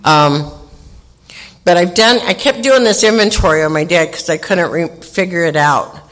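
A woman's voice: lowish voice, normal speed. A woman in her sixties from California tells her recovery story at a meeting. She is candid and self-mocking, and she acts out the people in her story. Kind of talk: personal recovery share.

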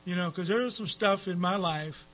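High, bright-voiced man telling his story. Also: normal speed, poor audio. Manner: rambling, with frequent fillers and profanity. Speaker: recovery meeting speaker. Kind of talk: personal storytelling talk.

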